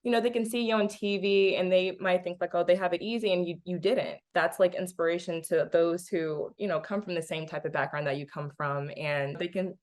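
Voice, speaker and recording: A woman's voice: lowish voice, fairly even intonation, normal speed, hardly any pauses. A woman hosting an interview, asking questions in an encouraging, casual way. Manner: warm and encouraging, frequent "you know". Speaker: interview host.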